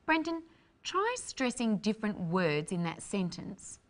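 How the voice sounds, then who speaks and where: Brief: female lesson host, mid pitch, animated intonation, careful explainer. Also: measured pace. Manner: clear, careful explaining delivery. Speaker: host, English teacher. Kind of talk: scripted language lesson.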